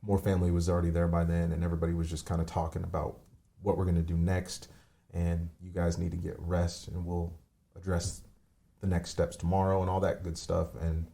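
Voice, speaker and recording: A man in his forties, low in pitch and dark in tone, talks through a painful personal story as a podcast guest. He is candid and loose, rambling and swearing casually as he goes. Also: completely flat delivery, a little fast, gravelly. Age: 40s.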